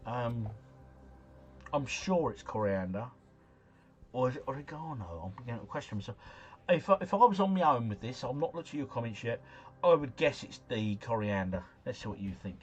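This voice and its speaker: A man's voice: medium pitch, lively intonation, fairly quick, husky. A man hosting a livestream, casually thinking aloud through quiz answers in a slangy, rambling way. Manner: chatty, musing aloud, slangy. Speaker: livestream host.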